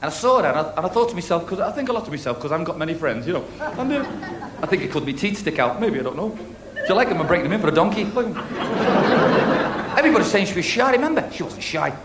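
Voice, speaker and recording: High-voiced Liverpudlian stand-up comedian. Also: male voice, very animated, noisy background. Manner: quick-fire one-liners, chirpy asides to the audience. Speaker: stand-up comedian on a talent show. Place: TV studio stage before a live audience. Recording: echoey 1980s TV studio, loud audience.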